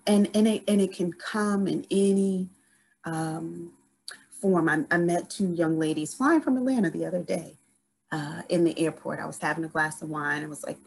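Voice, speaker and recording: A woman guest on a podcast telling a story in casual conversation, animated and full of restarts. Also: sits low, vocal fry, slight background noise, poor audio.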